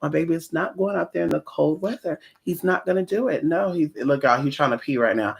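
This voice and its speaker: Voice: mid-range voice, brisk, creaky. A vlogger who works as a spiritual practitioner, chatting casually from home in a sassy, profane, rambling way. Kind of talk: casual vlog chat. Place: home, indoors.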